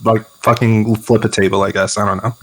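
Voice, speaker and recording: A man's voice: on the low side, flat delivery, brisk, slight background noise, poor audio. A man playing his character in a tabletop game, cursing often and stumbling over his words. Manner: swears a lot, stammers. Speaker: player.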